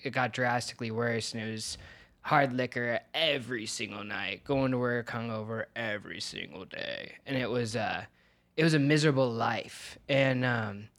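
Guy in his 30s on a podcast, talks open and kinda hesitant, thinking out loud. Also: mid-range voice. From Oregon, USA. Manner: candid, reflective, hesitant. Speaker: podcast guest. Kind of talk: casual podcast conversation.

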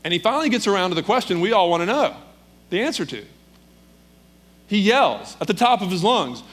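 A male preacher tells a story from the pulpit with animated, dramatic delivery. His voice sits a bit high for a man. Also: a little fast, pauses often. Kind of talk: sermon storytelling.

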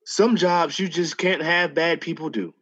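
A man in a casual chat over a video call, talking in a measured, reflective way with many fillers. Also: a little high, steady tone, a bit bright, husky, dull audio.

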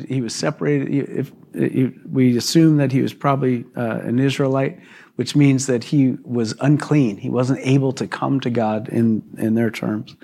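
A male pastor giving a live church sermon, telling the story in a conversational, animated way. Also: medium pitch. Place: church service.

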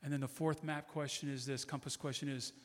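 A man's voice: medium pitch, flat delivery, fairly quick. A middle-aged man preaching a sermon as a guest pastor, passionate and repetitive in his declarations, in a church sanctuary. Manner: impassioned preaching with repeated declarations. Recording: long hall reverb.

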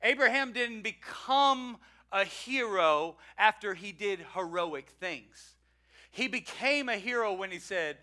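High, bright-voiced preacher man. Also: slow pace. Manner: energetic, joking, emphatic repetition. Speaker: pastor. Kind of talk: sermon.

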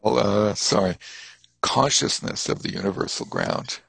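A man teaching a class on Buddhist texts, explaining terms thoughtfully and haltingly. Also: on the low side, wildly swooping pitch, vocal fry, a bit bright, breathy edge, dry recording, low-quality recording.

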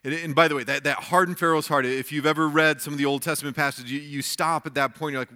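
Male pastor, sermon delivery, bright and forward tone, conversational with frequent restarts. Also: fairly high pitch, fairly even intonation, brisk, few pauses. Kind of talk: sermon reading and explaining scripture.

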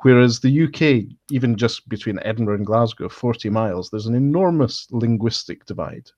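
A man's voice: medium pitch, expressive, normal speed, darkish tone, no room sound. Matter-of-fact male podcast host. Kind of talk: casual podcast discussion. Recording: dry lo-fi audio.

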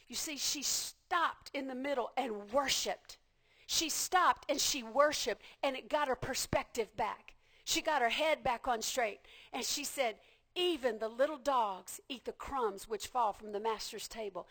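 A woman preacher delivering a passionate sermon, repeating phrases and building to shouts. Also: high voice, unhurried.

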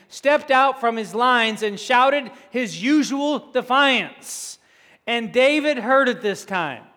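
A man preaching a sermon, retelling a scripture story with animated, conversational asides. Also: sits high. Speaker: pastor. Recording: echoey hall.

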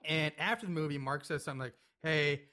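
Bright, high-ish man recapping a film casually. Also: racing. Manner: rambling, laughs, acts out lines from the film. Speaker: podcast co-host recapping a movie. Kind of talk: casual chat.

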